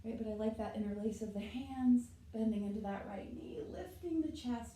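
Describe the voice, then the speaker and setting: A woman's voice: a little high, normal speed, hardly any pauses, warm tone, roomy sound, low-quality recording. A woman leading a yoga class, talking while she demonstrates the poses and often checking in with "right?". She sounds slightly out of breath from moving. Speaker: yoga instructor. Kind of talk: guided yoga class instruction.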